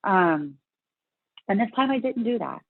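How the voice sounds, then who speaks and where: A woman guest telling her story in a casual interview, animated and full of restarts. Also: mid-range voice, unhurried, vocal fry, no room sound, narrow, tinny audio. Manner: animated, many restarts and fillers. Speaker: guest, bodybuilding competitor.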